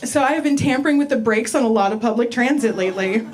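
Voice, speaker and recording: A woman in her forties with a fast, high-leaning voice performs a stand-up comedy set, chatty, crude and self-mocking. It's recorded in a live room with crowd noise and audience laughter.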